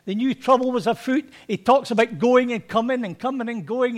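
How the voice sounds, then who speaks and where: A man's voice: very high voice, a little fast. A man preaching a sermon to his congregation in a chatty, conversational way. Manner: conversational, anecdotal, acts out quotes. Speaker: pastor.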